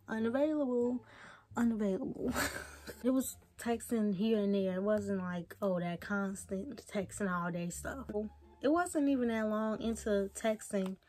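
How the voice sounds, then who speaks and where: A woman's voice: medium pitch, a little mellow. A young woman from Chicago, chatting straight to camera as she tells a storytime vlog. Her talk is casual and slangy, with a mid-height voice, and she jumps into raised voices to act out the back-and-forth. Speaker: vlogger.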